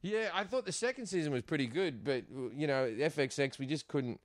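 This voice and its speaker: A middle-aged Australian comedian telling stories in a casual chat, animated and quick to laugh, acting out other people's lines. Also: male voice, a little high, no echo, clean studio sound. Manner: animated, acts out quotes in put-on voices, laughs often. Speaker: guest comedian. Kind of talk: casual storytelling.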